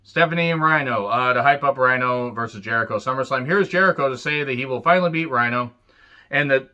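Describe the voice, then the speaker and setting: A man's voice: medium pitch, brisk, pushed and bright, muffled recording. A man giving a casual, sarcastic and profane recap of an old wrestling show, full of jokey asides. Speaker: wrestling reviewer.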